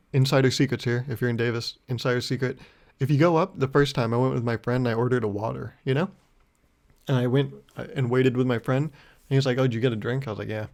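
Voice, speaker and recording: A young man hosting his own podcast, telling a story in a rambling, self-mocking way. He laughs often and slips into mock-indignant rants. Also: mid-range voice. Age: young adult. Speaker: podcast host. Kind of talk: casual solo podcast monologue.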